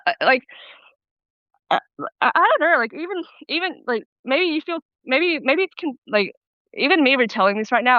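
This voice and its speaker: A young woman calling into an advice show, recounting a fight with many halting restarts. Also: medium pitch, a bit bright, dry recording. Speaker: caller. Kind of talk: call-in advice conversation. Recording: muffled phone-line caller audio.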